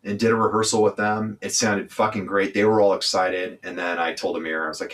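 A man from California answers interview questions in a fairly low voice. He talks bluntly and with emphasis, and he swears without holding back. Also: flat delivery, fairly quick, hardly any pauses, a bit bright, slight background noise. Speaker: interview guest, singer. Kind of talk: candid interview talk.

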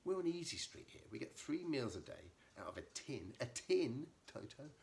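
A man's voice: mid-range voice, moderate pace, creaky, a little hiss or hum, voice pushed up. A man voicing an easygoing, greedy male cat. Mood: coaxing. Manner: relaxed, chummy.

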